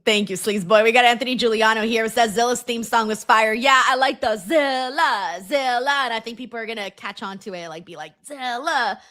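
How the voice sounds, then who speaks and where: Bright, animated young woman streamer. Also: on the high side, fairly quick, few pauses, dry recording, studio quality. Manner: animated, swings into loud exclamations. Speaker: wrestling stream host. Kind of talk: casual live-stream chat reading super chats.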